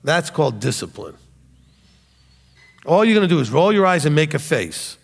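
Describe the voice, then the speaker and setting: Man in his 50s, high and expressive voice, blunt preacher who mimics others, reverberant hall. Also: moderate pace, vocal fry. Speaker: teacher. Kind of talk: sermon-style teaching.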